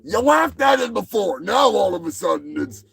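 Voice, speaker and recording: A man hosting a show in a crude, profane comedy rant, mocking people and shouting when worked up. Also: sits high, very animated, normal speed, creaky, faint music behind. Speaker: podcast host.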